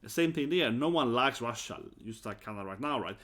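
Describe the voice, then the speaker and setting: A man from Sweden talks straight to camera in a loose, animated monologue. His voice sits at an ordinary middle pitch for a man. He keeps tagging his points with "right?" and drops into mocking quoted voices. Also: a little fast. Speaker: vlogger. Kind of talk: casual opinion monologue.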